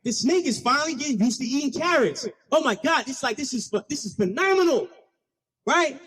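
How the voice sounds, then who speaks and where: Brief: high-pitched man telling playful stories in a keynote, checking in with the room. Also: brisk, big-room sound. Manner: animated, call-and-response with audience; playful, slangy. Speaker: keynote speaker. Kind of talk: storytelling speech.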